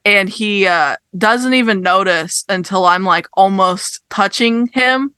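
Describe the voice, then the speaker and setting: A young woman with a bright, forward voice tells a story in casual podcast chat. She rants with exasperated emphasis and swears freely. The sound is close and dry. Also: mid-range voice, slow, clean tone, no room sound. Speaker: podcast co-host.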